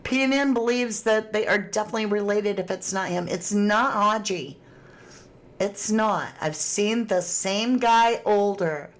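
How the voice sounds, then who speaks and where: Unhurried and mid-range in pitch, a woman's voice carries a casual true crime livestream. She chats, reads out viewers' comments, and breaks into laughter often.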